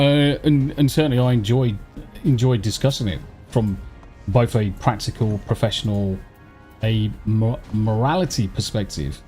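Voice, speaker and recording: A man's voice: mid-range voice, darkish tone. A man chatting casually over voice chat while gaming, emphatic and opinionated, swearing freely. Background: game music.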